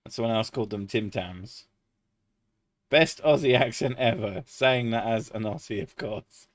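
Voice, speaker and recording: A man's voice: mid-range voice, normal speed, dry recording, studio quality. A man chatting casually on a live stream, swearing freely and laughing often.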